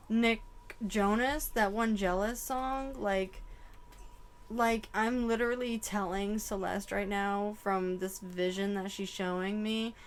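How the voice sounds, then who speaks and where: A young woman giving an emotional channeled psychic reading, full of exclamations and swearing. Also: medium pitch. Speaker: tarot reader.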